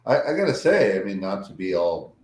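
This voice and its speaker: An American man co-hosting a casual podcast chat over a video call, enthusiastic and quick to repeat his praise. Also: low-pitched, big pitch swings, darkish tone, reverberant, rough recording. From United States.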